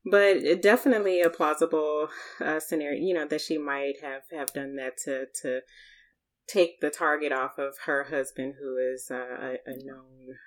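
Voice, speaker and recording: A woman's voice: low-pitched, steady tone, moderate pace. A woman co-hosting a casual podcast chat, thoughtful and hedging. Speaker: podcast co-host.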